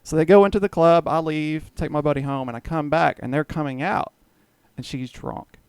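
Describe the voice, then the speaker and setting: A man's voice: a little high, fairly even intonation, normal speed, darkish tone, clear, resonant tone, no echo. A man casually telling a long story on a podcast, swearing freely and acting out what others said. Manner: rambling, profane, acts out quoted dialogue. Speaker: guest storyteller.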